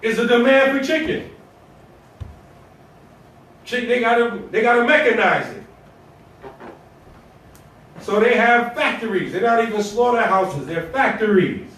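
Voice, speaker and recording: A man's voice: very high-pitched, lively intonation, measured pace, pauses often, fairly bright tone. A man giving a Friday sermon as imam, preaching in a colloquial, conversational way with rhetorical questions and repetition. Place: mosque prayer hall. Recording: echoey hall, voice from far off.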